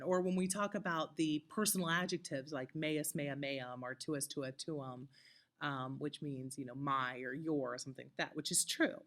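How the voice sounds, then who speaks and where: A woman teaching a recorded lesson, talking conversationally with many fillers and checking in with "okay?" often. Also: deep voice. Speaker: Latin teacher. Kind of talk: recorded lecture.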